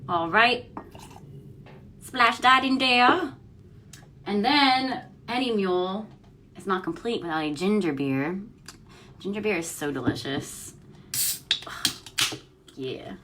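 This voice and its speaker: A young woman hosts her home vlog in a chatty, giggly way, with lots of fillers and trailing thoughts. Her voice sits at an ordinary middle pitch. A faint hiss of room noise runs underneath. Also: slow pace, long pauses, pushed and bright. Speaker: host of a news and cocktail vlog. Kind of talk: casual chat while mixing a drink.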